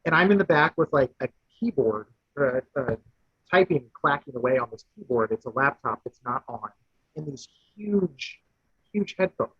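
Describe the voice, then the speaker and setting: A man, a guest contestant, telling a rambling, animated anecdote in casual chat. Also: medium pitch, normal speed, husky, no echo. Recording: dull lo-fi dry audio.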